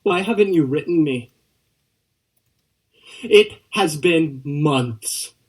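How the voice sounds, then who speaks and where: A man's voice: on the high side, expressive, husky, distant mic, heavily acted. A young man playing a lonely, pleading letter-writer. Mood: longing. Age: young adult. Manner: slow, aching. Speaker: student actor. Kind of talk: dramatic monologue reading a letter. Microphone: video call.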